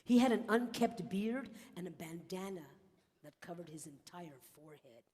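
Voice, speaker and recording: A woman's voice: fairly low pitch, animated, darkish tone, long reverb tail. Older woman telling a playful humorous speech. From South Texas. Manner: playful storytelling with punchlines and pauses. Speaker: contest speaker.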